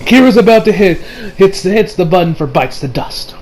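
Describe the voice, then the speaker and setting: A young man casually reviewing an anime episode, excitable and profane, rambling with many restarts and acting out scenes. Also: sits high, a little fast.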